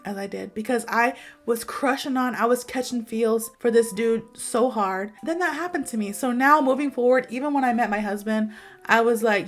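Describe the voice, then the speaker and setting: A young American woman, an English teacher, telling a story in a lively, dramatic, slangy way. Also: on the high side, brisk, soft background music. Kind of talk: storytelling lesson to camera.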